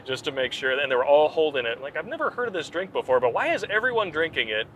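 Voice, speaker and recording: Male podcast host, casual joking banter, bright voice, slightly high, faint traffic behind. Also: sing-song, fast, low-quality recording. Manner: rambling, joking, restarts.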